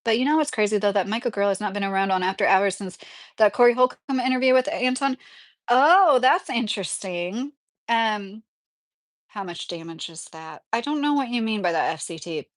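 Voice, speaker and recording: A woman's voice: medium pitch, expressive, moderate pace, no echo. A woman in her thirties from Kentucky, chatting casually on a livestream and reading viewer comments, rambling and laughing often. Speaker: livestream host.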